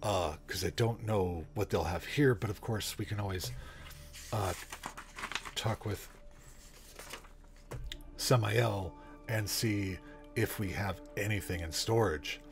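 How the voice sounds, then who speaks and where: Hesitant mid-voiced player. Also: male voice, lowish voice, slow pace, pauses often, soft background music. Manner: hesitant, full of fillers and restarts. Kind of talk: casual tabletop game talk.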